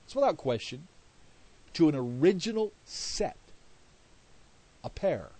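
A man's voice: on the high side, big pitch swings, takes it slowly, mellow, dry recording. A middle-aged man preaching a sermon with passion, repeating phrases for emphasis and swelling in volume on key words. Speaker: pastor.

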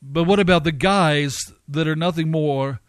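High-pitched guy preaching hard, repeats himself a lot, dry close sound. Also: normal speed, clear, resonant tone, dry recording. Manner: emphatic, with repeated phrases and rising outbursts. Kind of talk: sermon.

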